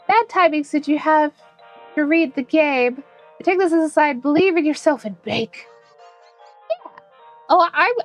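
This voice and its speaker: A young woman streaming, chatting with her viewers in a bubbly, giggly voice that she pitches above her natural one. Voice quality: put-on higher bright stream voice. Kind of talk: casual live-stream chat.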